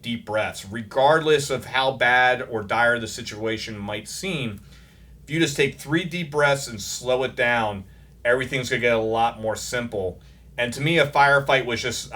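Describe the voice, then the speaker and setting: A man's voice: medium pitch, fairly bright tone. A man in his thirties, a combat veteran from the United States, telling war stories in a plainspoken way with dry humor, acting out the dialogue. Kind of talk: interview storytelling.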